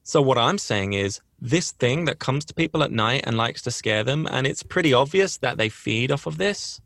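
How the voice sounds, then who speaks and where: A man's voice: medium pitch, gravelly, a bit bright, dry recording. A man hosting a podcast, telling a personal story in a rambling, earnest way with frequent restarts. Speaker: podcast host. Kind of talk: casual storytelling.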